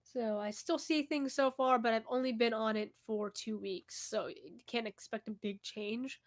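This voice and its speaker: A woman's voice: on the high side, a little slow. A young woman answering viewer questions in a casual vlog at home, candid and chatty, often laughing and trailing off. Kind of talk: casual Q&A chat to camera. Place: indoors at home, cat nearby.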